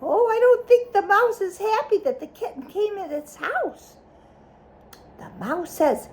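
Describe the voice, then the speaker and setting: High, animated woman reading to a child. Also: unhurried. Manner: animated, asks the child questions. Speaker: reader of a children's book. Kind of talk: reading a picture book aloud to a child.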